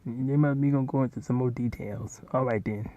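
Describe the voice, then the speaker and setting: A man's voice: medium pitch, fairly even intonation, brisk, mellow, no echo. A man hosting, rambling and commenting casually over a video he is playing, often repeating himself. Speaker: host. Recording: dull, lo-fi home recording.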